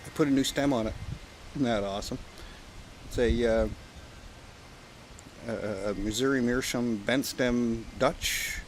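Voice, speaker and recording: A man's voice: mid-range voice, unhurried, long pauses, poor audio. A man from Canada chatting casually outdoors at a campsite, rambling and joking with some profanity. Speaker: pipe-smoking vlogger. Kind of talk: casual outdoor vlog chat. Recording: outdoor recording with clear wind and background noise.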